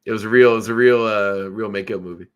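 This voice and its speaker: A man's voice: on the low side, steady tone, fast talker, clear, resonant tone. A married man co-hosting a casual podcast, bantering, guessing numbers and swearing now and then. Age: adult, married. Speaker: podcast co-host. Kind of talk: casual chat.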